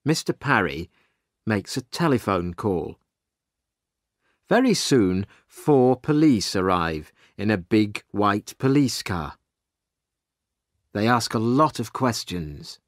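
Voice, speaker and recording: A man narrating a simple story slowly and clearly for English learners. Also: on the low side, no room sound, clean studio sound. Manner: slow, clear and expressive reading.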